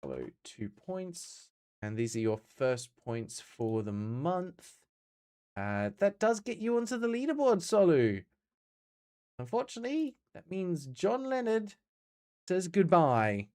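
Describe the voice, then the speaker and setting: A man's voice: high voice, big pitch swings, takes it slowly, darkish tone, smooth. An Australian man streaming games, chatting casually and answering his chat as he plays.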